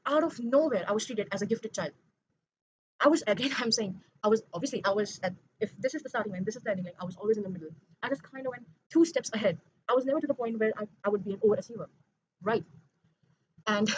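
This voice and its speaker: Brief: young woman, quick rambling confessional vlog delivery, self-correcting, dull lo-fi home recording with faint noise. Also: medium pitch. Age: young adult. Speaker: vlogger. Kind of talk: late-night confessional monologue.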